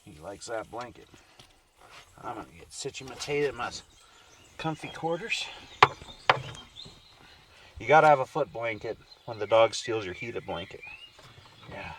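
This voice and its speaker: A man's voice: medium pitch, animated, measured pace, long pauses, far from the mic, slight background noise. A man casually chatting in a camping vlog from his truck camper at night, rambling and laid-back, now and then talking baby-talk to his dog. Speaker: camping vlogger.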